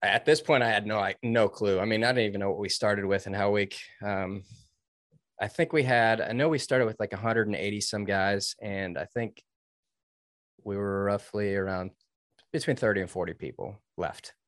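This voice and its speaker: Interview guest, man with a lowish voice, heartfelt storytelling, dry close mic. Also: normal speed, fairly bright tone, no room sound. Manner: earnest, emotional, with restarts and laughs. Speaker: interview guest, former Navy SEAL trainee.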